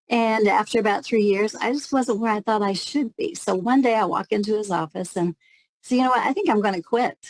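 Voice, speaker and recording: Woman guest telling her story, a bit gravelly, dry close sound, candid and reflective. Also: mid-range voice, darkish tone, no echo, low-quality recording. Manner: candid, reflective, with light laughs. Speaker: guest, network marketing leader. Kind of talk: conversational interview storytelling.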